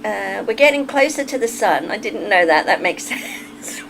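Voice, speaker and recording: A woman's voice: mid-range voice, lively intonation, moderate pace, gravelly, fairly bright tone, slight background noise, low-quality recording. Chatty English woman on a livestream. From England. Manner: chatty, laughs often, wanders off on tangents. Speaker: livestream host. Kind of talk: casual chat reading a live chat.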